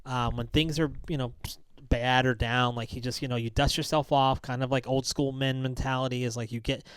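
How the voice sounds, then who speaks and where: A man's voice: mid-range voice, level tone, a little fast, clear, resonant tone, dry recording. A man co-hosting a podcast as a counselor, talking casually and rambling with many "like"s and "um"s. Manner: rambling, lots of "like" and "um".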